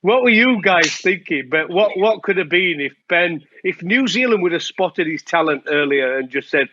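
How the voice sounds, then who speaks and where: A man's voice: high-pitched, expressive, normal speed, hardly any pauses, no room sound. A man in his forties hosting a podcast, teasing his guest in a casual, jokey way. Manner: teasing, jokey, laughs often. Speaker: podcast host, former cricketer. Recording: dry, thin lo-fi sound.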